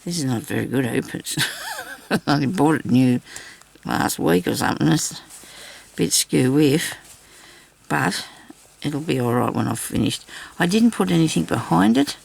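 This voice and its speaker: Gravelly, husky woman vlogger. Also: low voice, big pitch swings, a little slow, darkish tone. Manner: chatty, rambling, talks directly to viewers. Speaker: craft vlogger. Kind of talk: casual crafting demonstration.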